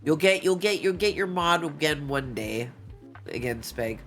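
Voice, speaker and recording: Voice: mid-range voice, lively intonation, a little slow, fairly bright tone, faint music behind. A streamer with a stuffy nose chatting casually with viewers late at night, playful and teasing, laughing often. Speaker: Twitch streamer.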